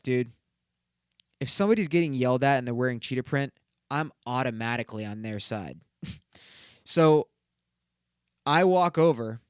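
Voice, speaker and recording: A man's voice: medium pitch, clear, resonant tone, no room sound, clean studio sound. A young man hosting a solo podcast, telling a story in a rambling, profane way, full of fillers. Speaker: podcast host.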